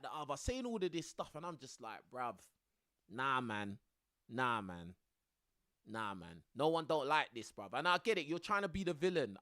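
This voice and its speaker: A man's voice: high voice, a bit bright, no echo, clean studio sound. A young man chatting casually to his live stream audience, tossing in bruv and bro.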